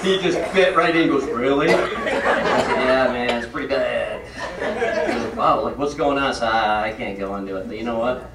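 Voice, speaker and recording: On stage before a loud live audience, a comedic speaker tells funny stories and acts out the dialogue with shifting voices. His voice is mid-range at a normal speed. The hall is echoey, the mic is at a distance, and the recording is very noisy.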